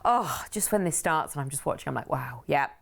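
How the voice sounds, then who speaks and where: A woman's voice: low voice, a little fast, vocal fry. Bubbly British woman co-presenter. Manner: bubbly, laughing, animated. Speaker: TV shopping channel co-presenter. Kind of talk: enthusiastic sales presentation.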